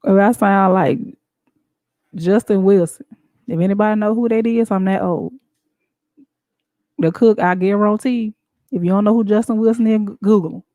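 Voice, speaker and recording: A woman hosting a show, talking in a casual, animated and emphatic way with frequent laughs. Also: medium pitch, normal speed, long pauses, no echo. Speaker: show host. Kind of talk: casual talk-show monologue.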